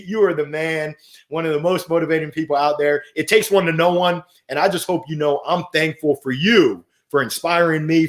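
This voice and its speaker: A middle-aged man hosts a live motivational stream, slightly high-pitched and upbeat. He swings from soft to loud as he reads out viewer comments and answers them. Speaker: host of a weekly motivational livestream.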